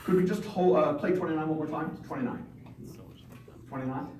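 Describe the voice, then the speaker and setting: A man leading a band rehearsal, brisk and encouraging, singing rhythms aloud between instructions. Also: fairly high pitch, darkish tone. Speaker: band conductor. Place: large rehearsal hall with a band. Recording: roomy, distant, noisy rehearsal recording.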